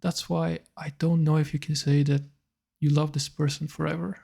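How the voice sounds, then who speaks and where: A man speaks in a reflective monologue, thinking aloud with hesitant pauses. His voice is a touch higher than most men's and has a gravelly, creaky edge. He keeps his tone level, with little rise and fall. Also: flat delivery, darkish tone. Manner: thoughtful, hesitant, musing aloud. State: slightly tearful.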